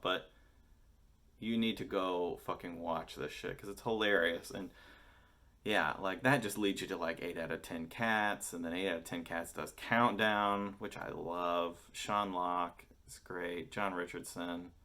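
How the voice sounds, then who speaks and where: A man's voice: low-pitched, moderate pace, pushed and bright. An American man in his thirties chatting casually to camera, rambling and enthusiastic, swearing freely. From United States. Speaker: vlogger.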